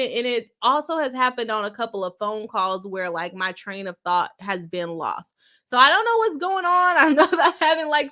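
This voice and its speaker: A woman's voice: high voice, pushed and bright. A young woman, a lawyer hosting a livestream, chatting casually, reading viewer comments and laughing often at herself.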